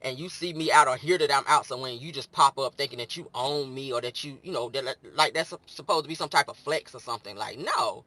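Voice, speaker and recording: A man hosting a casual gossip commentary show, sassy and animated, slipping into mock voices to act out the stories. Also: mid-range voice, quick pace, hardly any pauses, dry recording. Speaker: host.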